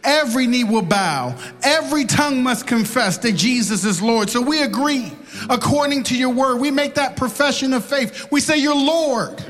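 High-voiced male preacher in a hall. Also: animated, moderate pace, a bit bright. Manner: impassioned, repetitive prayer cadence. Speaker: pastor. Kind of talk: sermon and altar-call prayer.

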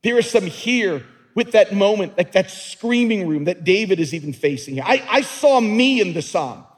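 Earnest high-voiced male pastor, reverberant hall. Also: lively intonation, moderate pace, slightly rough. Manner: earnest, emphatic, repeats words. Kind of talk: sermon. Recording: long reverb of a large hall.

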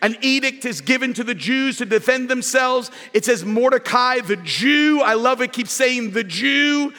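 A man preaching a sermon, telling a scripture story with lively asides and raised, shouted lines. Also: very high voice, normal speed. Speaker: pastor. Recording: echoey hall with long reverb.

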